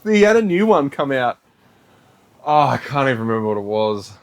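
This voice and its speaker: A man's voice: medium pitch, big pitch swings, a little fast. A man co-hosting a podcast, chatting casually, laughing along and chiming in. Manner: easygoing, laughs along, chimes in. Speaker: podcast co-host. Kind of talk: casual chat.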